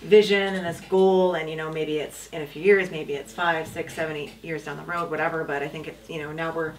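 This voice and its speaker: A woman speaking as a panel guest in a casual round-table chat, rapid, chatty and self-deprecating. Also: deep voice, fairly even intonation. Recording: distant mic with a noisy crowd.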